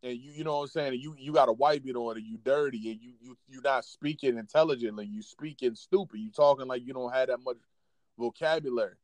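A man's voice: medium pitch, fast talker, darkish tone, dry recording. A man in his thirties co-hosting a casual talk show, talking bluntly and profanely about work and life. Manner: blunt, profane, keeps it real. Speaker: podcast co-host. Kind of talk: casual chat.

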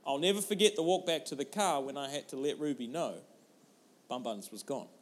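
A man in his thirties, a pastor preaching a sermon through an animated, humorous personal story. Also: medium pitch, brisk.

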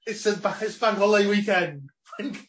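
Guy hosting a podcast, kinda high voice, dry humor, swears casually. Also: fairly quick, fairly bright tone, a little hiss or hum. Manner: wry, swears casually, wraps up segments. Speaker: podcast host. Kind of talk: casual chat.

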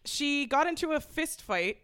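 A woman's voice: high-pitched, animated, measured pace, fairly bright tone, no echo, clean studio sound. A woman hosting a casual podcast, telling gossip with frequent laughter and reading out an adventure prompt. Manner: laughs often, gossipy storytelling. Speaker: podcast host. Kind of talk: casual group chat, reading a game prompt.

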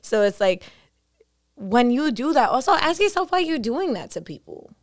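A woman's voice: on the high side, sing-song, normal speed. A woman co-hosting a podcast, talking candidly in casual chat, swearing freely and laughing often. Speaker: podcast co-host.

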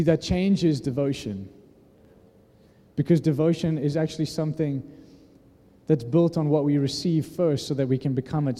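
A man's voice: fairly high pitch, dark tone. A man preaching a sermon in an earnest, conversational way, often restarting his sentences. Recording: long hall reverb.

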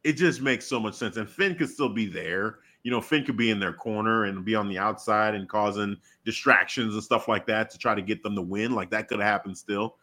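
A man co-hosting a live talk stream in loose, animated casual chat, laughing often. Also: lowish voice, a little fast, few pauses. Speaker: co-host of a wrestling talk stream.

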